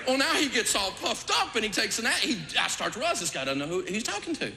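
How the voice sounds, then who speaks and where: A man telling a personal story in a talk, with stammering restarts and lively delivery. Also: high voice, fast talker, gravelly, few pauses. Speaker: speaker. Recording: echoey hall with background noise.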